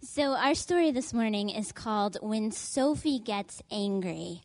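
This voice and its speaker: A woman's voice: mid-range voice, lively intonation, measured pace, no echo. A woman, leading a children's message in church, reading a story aloud and asking the children questions.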